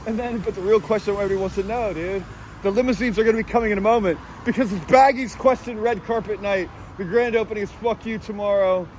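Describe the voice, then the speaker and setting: Rambling high-voiced man on a street. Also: a little hiss or hum. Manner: rambling, deadpan absurd jokes, crude. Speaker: street vlogger asking passers-by questions. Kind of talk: rambling satirical street report. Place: city street at night, outdoors. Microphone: handheld camera.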